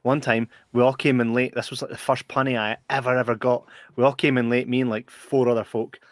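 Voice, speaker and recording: A Scottish man co-hosting a podcast in casual chat, who tells animated stories, laughs through them and swears freely. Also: mid-range voice, a little fast, dry recording. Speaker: podcast co-host.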